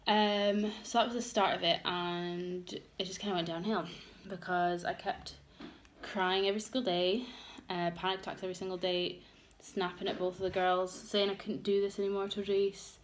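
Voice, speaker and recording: A woman's voice: mid-range voice, level tone, normal speed. A young woman vlogging a candid get-ready-with-me chat, open and emotional, rambling with many fillers. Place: home room with children around. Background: noisy household.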